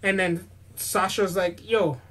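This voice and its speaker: A young man co-hosting a podcast, recapping an episode in an excitable, joking way and acting out lines. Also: a little high, normal speed, crowd noise, low-quality recording. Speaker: podcast co-host. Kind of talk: casual chat, recapping an episode.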